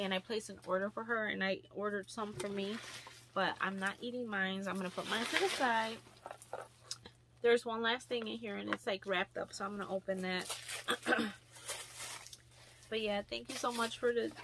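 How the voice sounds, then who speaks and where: A young adult woman vlogger chatting casually, gushing over gifts and filling pauses with ums and likes. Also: mid-range voice, fairly even intonation, background noise. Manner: chatty, gushing, with many fillers. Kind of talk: casual vlog chat.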